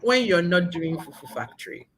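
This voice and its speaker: A woman hosting an interview show, effusive and animated, laughing often as she talks. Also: lowish voice, normal speed, low-quality recording. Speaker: talk show host.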